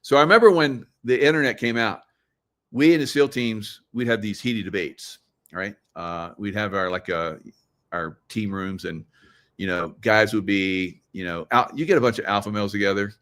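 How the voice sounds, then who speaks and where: Talking to his live viewers over a computer mic while screen sharing, this middle-aged host rambles in a conspiratorial way, laughing frequently. His voice is fairly low and a bit bright, at normal speed.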